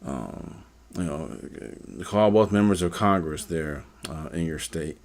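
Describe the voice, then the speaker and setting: Man, very deep voice, rambling live stream commentary, lots of fillers. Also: takes it slowly, darkish tone. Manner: rambling, repeats words, many fillers and "okay?". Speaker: live stream host, postal worker.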